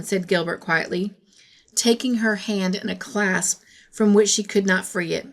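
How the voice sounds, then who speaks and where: A woman narrating a classic novel aloud in a gentle, measured storytelling voice. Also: mid-range voice, steady tone. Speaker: storybook reader.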